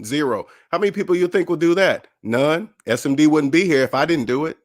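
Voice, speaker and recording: This host of a personal finance channel has a fairly high-pitched voice and a brisk delivery. He talks casually and motivationally, getting animated as he performs the voices of people he quotes in his stories.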